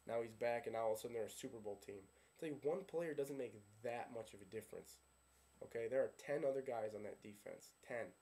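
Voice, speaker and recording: A man's voice: medium pitch, fairly quick, dark tone. A man giving a sarcastic, ranting fan preview of a football game, firing off questions and answering them himself. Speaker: sports vlogger. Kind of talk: casual fan rant.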